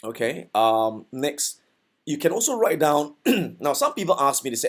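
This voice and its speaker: A man's voice: fairly high pitch, sing-song, moderate pace, fairly bright tone. A man teaching trading in a casual recorded lesson, talking conversationally and often checking in with his listeners. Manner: conversational, checks in with "okay" and "right". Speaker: forex trading instructor.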